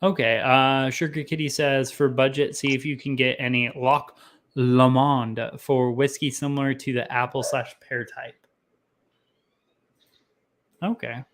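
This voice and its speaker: A man's voice: mid-range voice, flat delivery, measured pace, a bit bright, a little hiss or hum. Man, young adult, tasting show host, casual chat, rambling, self-deprecating, filler words.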